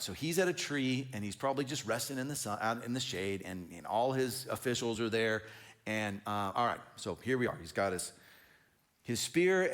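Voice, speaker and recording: Animated male pastor preaching. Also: medium pitch. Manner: conversational, animated storytelling with fillers. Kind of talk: sermon.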